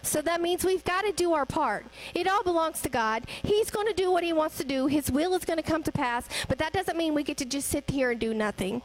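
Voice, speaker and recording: A woman's voice: sits high, brisk, hardly any pauses, low-quality recording. A young woman giving a conversational sermon, asking the congregation rhetorical questions. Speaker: church speaker.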